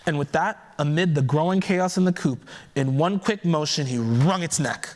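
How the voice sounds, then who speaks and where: A man giving a keynote by telling a folktale aloud in a relaxed storytelling manner, adding conversational asides as he goes. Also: on the high side, a little fast. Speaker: keynote speaker. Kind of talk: oral storytelling.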